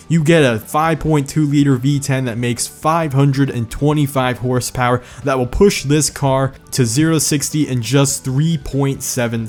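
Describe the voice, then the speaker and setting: A man's voice: mid-range voice, darkish tone. A man hosting a car video in scripted narration, joking and sarcastic, with a slight lisp from medicine. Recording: faint music behind.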